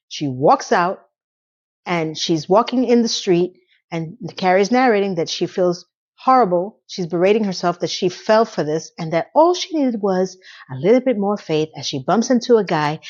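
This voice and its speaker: A woman giving a casual, chatty recap of a TV episode, with animated delivery and sarcastic asides. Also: medium pitch, lo-fi sound. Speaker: TV episode reviewer.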